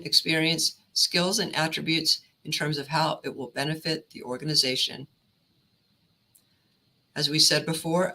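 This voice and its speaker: Bright-voiced woman coaching on pay. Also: sits low, low-quality recording. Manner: steady, instructive delivery. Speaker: career counselor. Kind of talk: presentation.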